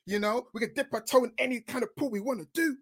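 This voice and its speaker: A man co-hosting a chat show, playful and animated, reading news aloud and bantering. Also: extremely high pitch, fast, husky. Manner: animated, playful, breaks into mock outrage. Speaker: co-host.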